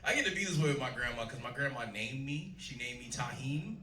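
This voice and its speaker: A man's voice: medium pitch, animated, a little fast, sharp tone, distant mic, a little hiss or hum. A man in his thirties doing a stand-up set on a club stage, talking to a live audience and laughing at his own jokes. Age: 30s. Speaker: stand-up comedian. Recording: roomy club sound, live crowd.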